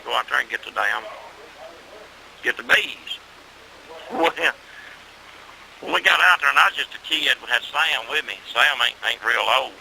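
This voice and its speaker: A man's voice: medium pitch, vocal fry, a little hiss or hum, rough recording. A middle-aged man, telling a rural story in a salty, folksy way, with plenty of cussing. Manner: salty rural storytelling, cussing, grows loud and excited with laughs.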